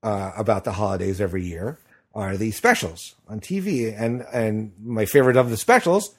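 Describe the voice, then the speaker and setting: Middle-aged male podcast host, husky, chatty and rambling with fillers. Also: on the low side, moderate pace. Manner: rambling with many fillers and restarts. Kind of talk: casual chat.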